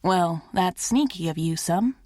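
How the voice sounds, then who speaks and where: A woman's voice: lowish voice, expressive, measured pace, mellow, dry recording, clean studio sound. A woman reading an audiobook, voicing a smug, calculating ex-boyfriend who needles as he talks. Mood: needling. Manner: sly and needling.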